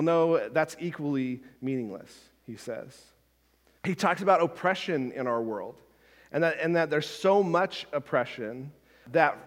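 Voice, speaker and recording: A man's voice: on the high side, long reverb tail. A man preaching a sermon as a pastor, talking conversationally with frequent asides and restarts.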